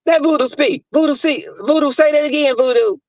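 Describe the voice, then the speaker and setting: A man imitating a loud, sassy woman who demands that a friend repeat himself, in a high, shrill voice. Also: brisk, no echo. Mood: demanding. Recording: dry muffled recording.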